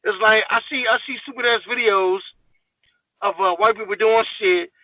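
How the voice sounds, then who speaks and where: A man's voice: high voice, normal speed, no room sound, narrow, tinny audio. Fired-up profane man ranting. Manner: profane, emphatic, heated rant. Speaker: podcast guest. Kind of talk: casual podcast rant.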